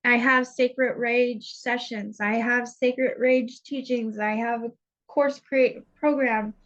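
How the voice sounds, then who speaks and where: A woman's voice: a little high, fairly even intonation, slow pace, fairly bright tone, muffled recording. A woman spiritual coach giving an earnest, intense, confessional teaching monologue, blunt and unafraid to swear.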